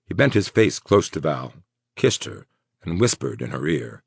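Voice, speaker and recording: A man reading a horror audiobook in a dramatic, expressive narration. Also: rumbling low, normal speed, gravelly, breathy edge, dry recording, studio quality.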